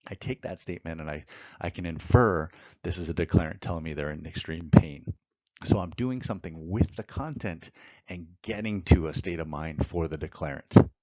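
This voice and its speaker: A man's voice: low-pitched, normal speed, warm tone, no room sound, highs cut off. A man teaching evidence law in a methodical lecture, walking through courtroom examples step by step. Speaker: law instructor.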